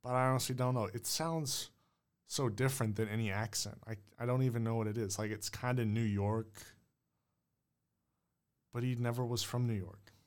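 A man's voice: mid-range voice, steady tone, moderate pace, clean tone. A man hosting his own show, musing aloud in a rambling, unsure way full of hedges. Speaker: host. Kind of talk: casual solo monologue.

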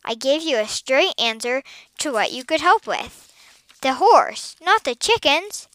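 A woman voicing a bossy, quick-tempered young farm girl in a read-aloud story, sharp and impatient. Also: fairly high pitch, expressive, clear, resonant tone, no room sound. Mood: angry.

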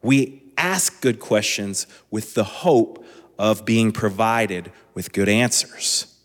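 A man in his thirties preaching a sermon as a pastor, relaxed and conversational with chatty asides. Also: fairly low pitch, takes it slowly. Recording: long echoing hall reverb.

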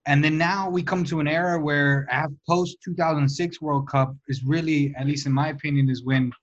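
A man hosting a casual talk, asking quick follow-up questions. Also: on the high side, fairly even intonation. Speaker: podcast host. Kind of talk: casual chat. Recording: dull lo-fi sound.

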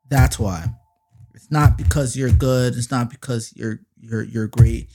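A man hosts a faith podcast in a mid-pitched voice. He talks like a friend, full of slang and fillers, then rises into emphatic, drawn-out preaching whenever he gets to praise. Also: fairly even intonation, faint music behind. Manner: preachy and emphatic, swells louder on praise lines. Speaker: podcast host. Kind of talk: faith-based podcast monologue.

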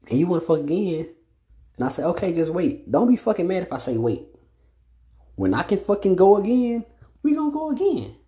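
A man's voice: on the high side, mellow. A young man hosting a solo podcast, speaking in with a blunt, profane, ranting delivery that keeps building emphasis. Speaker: podcast host. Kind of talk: solo casual podcast monologue.

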